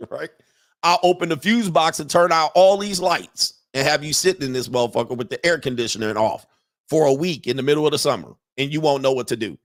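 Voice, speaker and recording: A man's voice: on the high side, fairly bright tone, dry recording, clean studio sound. Brash, profane man ranting on a livestream. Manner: brash, profane, laughs often. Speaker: host. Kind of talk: casual livestream rant.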